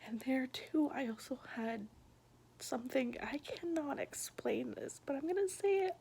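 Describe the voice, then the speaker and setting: A young woman whispering a personal story in a soft, halting, intimate hush. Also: high-pitched, expressive, vocal fry, breathy edge. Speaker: vlogger sharing her past.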